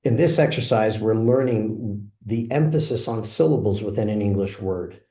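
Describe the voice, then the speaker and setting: A man with a fairly low voice talks through a product demo, relaxed and explanatory as he clicks through each feature. The sound carries a noticeable roomy echo. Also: moderate pace. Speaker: software presenter.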